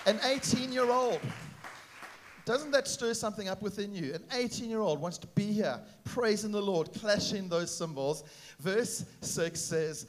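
A man preaching a sermon at a church gathering, upbeat and animated, with frequent "uh" fillers. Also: high-pitched, moderate pace. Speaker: pastor.

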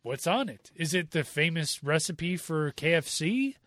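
A man co-hosting a casual movie review podcast, jokey and quick to laugh. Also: on the high side, lively intonation, fairly bright tone, no room sound, clean studio sound. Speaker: podcast co-host.

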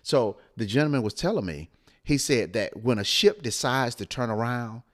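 A man co-hosting a late-night motivational live stream, with a smooth radio-style voice and a preacherly way of repeating phrases for emphasis. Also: mid-range voice, normal speed.

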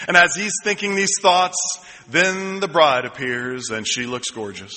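A pastor preaching with a very bright, somewhat high voice. He tells a story slowly, then builds to ringing, repeated lines. A long reverb from the church sanctuary trails his words. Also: fairly even intonation. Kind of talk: sermon.

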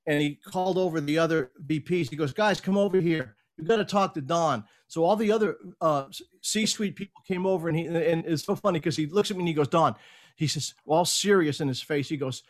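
A middle-aged man speaks as an interview guest, his voice sitting a little higher than most men's. He tells a business story casually and with energy, acting out the lines he quotes. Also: brisk. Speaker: podcast guest, speaker and coach.

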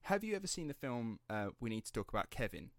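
A man's voice: mid-range voice, big pitch swings, fast talker, no echo, studio quality. A man hosting a casual true-crime podcast, rambling and laughing as he drifts off script. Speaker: podcast host.

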